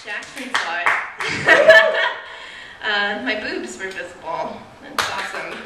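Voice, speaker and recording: A woman's voice: medium pitch, expressive, slow, background noise. A young woman doing a stand-up comedy set, chatty and self-mocking, laughing at her own jokes. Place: small live venue with audience. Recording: roomy, distant mic with faint ambience.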